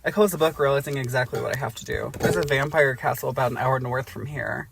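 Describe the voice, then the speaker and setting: Gravelly man reading a book for laughs. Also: mid-range voice, quick pace, very noisy. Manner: joking asides, breaks into laughter. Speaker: podcast co-host. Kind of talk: comedic reading of a book aloud.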